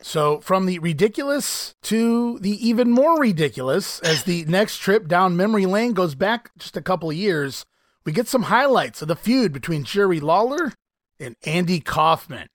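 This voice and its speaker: Man, podcast host, animated, laughs often, slightly higher voice, dry close sound. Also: moderate pace, no echo. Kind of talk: casual podcast commentary.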